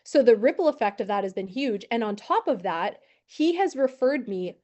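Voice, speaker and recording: A woman in her thirties who trains insurance agents, telling a lively story with acted-out quotes. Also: fairly high pitch, moderate pace, hardly any pauses. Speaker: insurance and financial advisor training new agents. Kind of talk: storytelling talk to a team.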